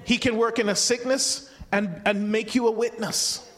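A man delivers a sermon with a notably high voice, speaking conversationally and slipping into quoted voices. He often restarts and repeats words. The sound rings out with a long reverb, as in a large church hall. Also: steady tone, normal speed, fairly bright tone. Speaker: preacher.

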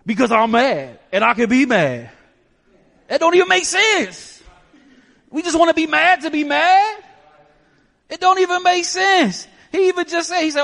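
A man's voice: very high-pitched, expressive, moderate pace, gravelly, a bit bright. A man preaching a sermon emphatically, asking the listeners rhetorical questions. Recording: long hall reverb.

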